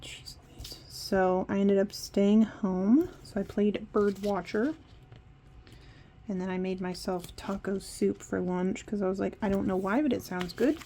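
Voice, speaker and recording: A woman's voice: medium pitch, fairly even intonation, a little slow, dark tone, slight background noise. A woman vlogger chatting casually and rambling while she decorates her planner. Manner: chatty, rambling, self-interrupting.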